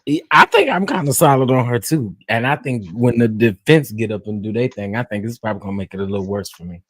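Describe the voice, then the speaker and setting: A man's voice: mid-range voice, very animated, quick pace, fairly bright tone, no room sound. Folksy Texas-accented male stream host. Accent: Southern US, Texas. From West Texas. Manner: chatty, laughs often, folksy slang. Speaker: host of a live panel stream. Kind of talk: casual live-stream chat.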